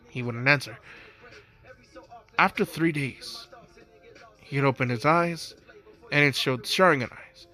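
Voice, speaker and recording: A man's voice: fairly high pitch, measured pace, pauses often, bright, forceful tone. A young man casually narrating an improvised fan story, rambling with restarts, over faint music.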